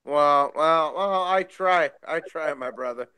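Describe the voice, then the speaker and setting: Twenties male from the Chicago area; higher, smooth voice; excitable, stammers, swears. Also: slow pace, no echo. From Chicago area, USA. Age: 20s. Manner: excitable, stammering restarts, profane. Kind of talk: casual podcast chat.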